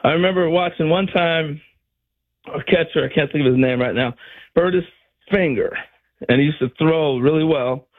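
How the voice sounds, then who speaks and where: A former ball player, an older man, tells animated stories on a talk show and acts out other people's lines with laughs. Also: a little high, normal speed. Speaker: former baseball player, guest. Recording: dull lo-fi sound.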